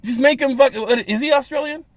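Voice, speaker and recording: Guy cohosting a podcast, kinda high voice, rambly and wry, dry mic. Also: fairly quick, no echo. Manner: rambling, wry, gets worked up and loud when ranting. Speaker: podcast co-host. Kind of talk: casual chat.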